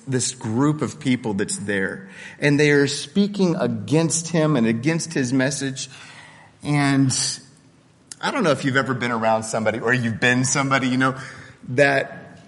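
A male pastor giving a conversational sermon and reading scripture aloud, slowing down hard on the points he stresses. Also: medium pitch, fairly bright tone. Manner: conversational, with restarts and emphatic slow stresses. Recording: long hall reverb.

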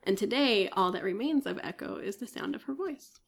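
A woman co-host on a podcast narrates a myth in a relaxed, chatty way, filling it with fillers and coughing often. Her medium-pitched voice is gravelly and animated, at a normal speed.

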